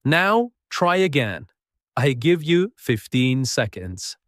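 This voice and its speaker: A man teaching a beginner English lesson, speaking slowly and patiently and modeling sentences for listeners to repeat. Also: mid-range voice, big pitch swings, fairly bright tone, dry recording, studio quality. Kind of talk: slow, clear spoken English lesson.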